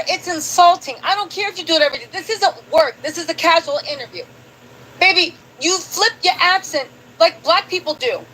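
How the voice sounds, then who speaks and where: A woman hosts a live commentary stream and talks emphatically as she scolds her audience. Her voice sits high. A light hiss runs underneath. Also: sharp tone, poor audio. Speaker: commentary show host.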